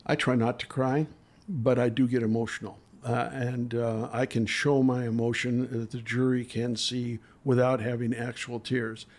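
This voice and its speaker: A man's voice: medium pitch, flat delivery, normal speed, darkish tone. An older man, a trial lawyer, tells courtroom stories in an interview in an earnest, emotional way with frequent hesitations. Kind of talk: storytelling in a podcast interview.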